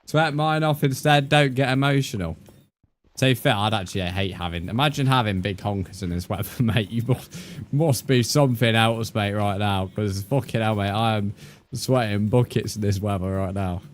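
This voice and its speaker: A man's voice: fairly low pitch, moderate pace. A young man streaming a game, chatting casually with viewers, joking, swearing and reacting to their comments.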